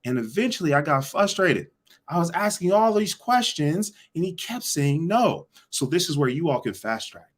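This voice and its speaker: A man teaching a live online sales session, energetic and repetitive, asking the audience to answer back. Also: a little high, normal speed. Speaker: sales coach.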